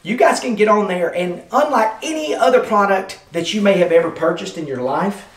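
A man's voice: high voice, expressive, a little fast, distant mic. A man reviewing a product in a casual unboxing vlog, talking with rambling enthusiasm and speaking to his viewers as "guys". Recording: roomy sound, off-mic.

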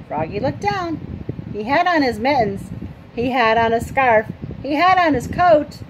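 A woman reading a picture book aloud to children, with sound words and questions for her listeners. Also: a little high. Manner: slow, animated, asks listeners questions. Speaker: storytime reader. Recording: noisy home recording.

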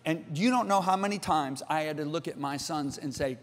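A middle-aged man preaches with a fairly high voice in a lively, emphatic style, swinging from near-shouts to hushed asides. His pitch moves widely as he presses each point. The voice rings with a long reverb, as in a large church auditorium. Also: fast talker, hardly any pauses. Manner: animated, emphatic, jumps between loud and hushed. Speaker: pastor. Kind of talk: sermon.

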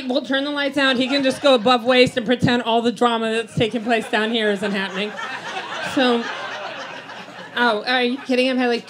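A woman in her fifties doing a stand-up routine in a comedy club, telling brash, profane, self-mocking stories. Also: fairly high pitch. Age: 50s. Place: comedy club in front of an audience. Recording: live club recording with audience noise. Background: audience laughter.

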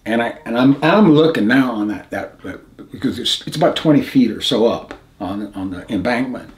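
A man's voice: mid-range voice, lively intonation. Older American man recounting combat. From United States. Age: 70s. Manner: halting and plain-spoken, frequent restarts, drops to a hush at grim moments. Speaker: veteran interviewee. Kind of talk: recounting combat memories in an interview.

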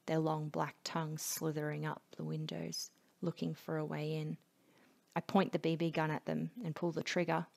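A woman reading a novel aloud in a steady, low-key way, dropping to a whisper in places. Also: creaky. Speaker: audiobook reader.

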